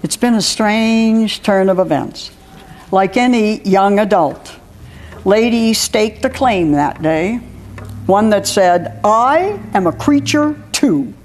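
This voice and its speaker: A woman's voice: mid-range voice, slow pace, darkish tone, slight background noise. A woman author reading her own personal story aloud, with wry humor and frequent laughter.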